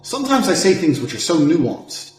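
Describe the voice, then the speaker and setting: A man in his thirties giving a brash, profane monologue, boasting and swinging from loud outbursts down to low mutters. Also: sing-song, normal speed. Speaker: self-improvement speaker. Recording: echoey room with faint music.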